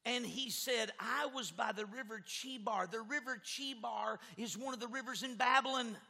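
A high, very bright male voice preaching a lively sermon, stammering on repeated words and rising into shouts. The long reverb of a large hall rings around him. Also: moderate pace, gravelly, breathy edge. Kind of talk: animated sermon with a live demonstration.

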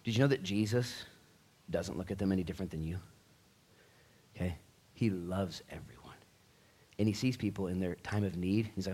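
A man preaching a church sermon, telling the story with lively energy and acting out the quotes. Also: sits low, moderate pace, pauses often. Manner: animated storytelling, acts out quotes. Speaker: pastor.

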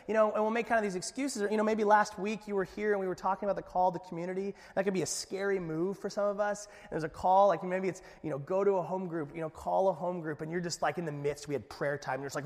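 A man, a pastor, preaching a conversational sermon with lively asides. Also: on the high side, a little fast. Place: church sanctuary. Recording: long echo of a church hall.

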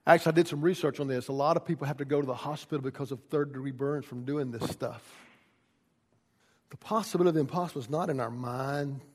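A man preaching a sermon, shifting from quiet, folksy storytelling to loud, impassioned pleading. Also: mid-range voice, fast, slightly rough, big-room sound. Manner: builds from quiet teaching to shouted pleading. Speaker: pastor.

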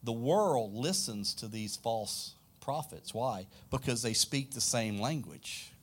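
A man's voice: mid-range voice, lively intonation, slow, slightly rough. A man from South Louisiana with a Southern accent, preaching a sermon with emphatic questions to the congregation. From South Louisiana, United States. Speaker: pastor.

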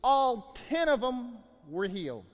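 A man preaching a sermon, telling stories with animated swings between loud bursts and quiet asides. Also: very high voice, a little slow, big-room sound. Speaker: pastor.

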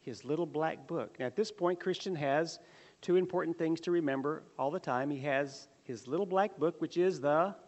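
A man's voice: a little high, in a large hall. A man leading a prayer and then teaching a Bible lesson in an earnest, conversational way.

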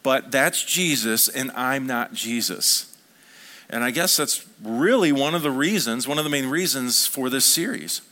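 A man's voice: mid-range voice, sharp tone. A man preaching a sermon as a pastor, talking conversationally and asking the congregation questions.

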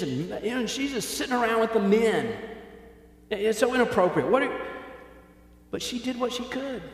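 A man preaching a sermon in a casual, joking way, acting out little voices as he retells the story. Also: sits high. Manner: conversational and joking, acts out voices. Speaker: pastor. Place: church hall with congregation. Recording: echoey hall.

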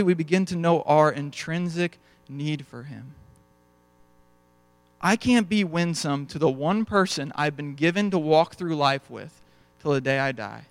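A young pastor gives a sermon in a laid-back, storytelling manner, acting out bits of dialogue along the way. His voice is a little higher than the typical man's, and the recording is dry and close with no room echo.

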